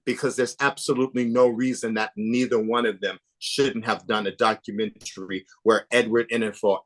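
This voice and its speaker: Animated, gossipy male storyteller. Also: mid-range voice. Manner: animated, gossipy storyteller, swinging between emphatic and hushed. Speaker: podcast guest, author and documentary maker. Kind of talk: casual interview chat.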